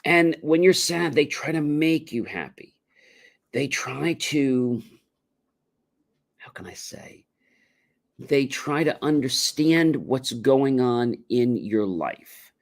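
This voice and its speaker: A man's voice: medium pitch, animated, slow, gravelly, long pauses. A middle-aged man hosting a motivational livestream, talking casually and acting out both sides of imagined phone calls. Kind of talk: casual spoken advice monologue.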